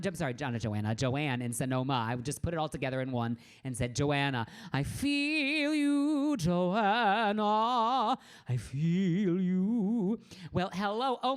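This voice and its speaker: A middle-aged woman, a singer hosting her own live stream, chatting in a bubbly, campy way and greeting viewers by name from a room at home. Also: medium pitch. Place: home room with a green screen.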